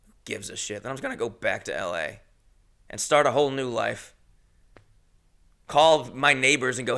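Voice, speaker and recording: Guy ranting on his podcast, gravelly, kinda bright edgy voice, swears a lot. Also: mid-range voice, normal speed, pauses often. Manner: profane, exasperated, swings between mutters and shouts. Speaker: comedian and podcast host. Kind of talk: ranting storytelling monologue.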